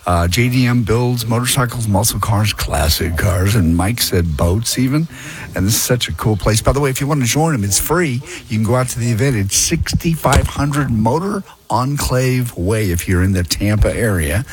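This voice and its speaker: A man's voice: mid-range voice, lively intonation, moderate pace. A man co-hosting a live morning radio show outdoors at a car event, upbeat and reading out event details. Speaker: radio co-host.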